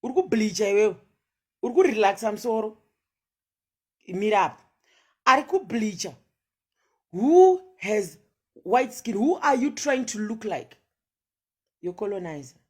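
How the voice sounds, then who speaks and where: A woman's voice: medium pitch, very animated, moderate pace, pauses often, husky. A woman giving a passionate monologue of social commentary, firing off rhetorical questions and switching between English and Shona.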